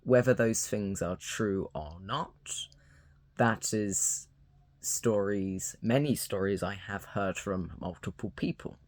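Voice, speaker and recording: A young man speaks unscripted to camera, slow and hesitant, with a lot of ums and restarts. His voice sits a little low, and the recording sounds dry and close. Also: no echo. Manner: hesitant, halting, with many fillers and restarts. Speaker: YouTuber. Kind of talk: unscripted talking-to-camera commentary.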